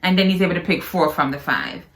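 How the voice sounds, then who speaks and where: Bright-voiced woman, playful chat. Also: lowish voice, fast, echoey room. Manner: playful, teasing, laughs often. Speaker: co-host. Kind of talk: casual chat with her husband.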